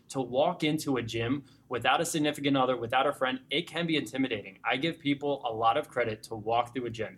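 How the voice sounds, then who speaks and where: A young man, a fitness coach, being interviewed and telling client success stories in an animated, conversational way, speeding up in excited bursts with frequent restarts. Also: medium pitch. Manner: animated storyteller, grows excited and emotional when recounting clients. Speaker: fitness gym owner or coach.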